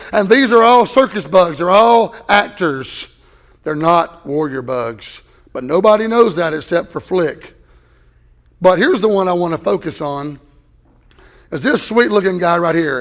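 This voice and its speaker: Middle-aged male preacher, fairly high voice, folksy storytelling sermon style. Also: fairly bright tone. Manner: folksy, conversational, with repeated words. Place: church during an evening service.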